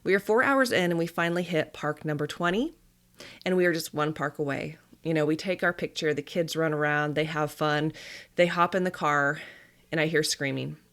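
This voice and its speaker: A woman in her thirties, a dietitian and mother, hosting a podcast and retelling a family story in a chatty, animated way with little laughs. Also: low voice, normal speed. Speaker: podcast host. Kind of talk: casual storytelling monologue.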